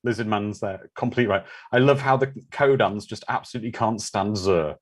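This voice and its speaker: A man's voice: fairly low pitch, moderate pace. A man hosting a live watch-party commentary, chatting casually and answering viewer comments.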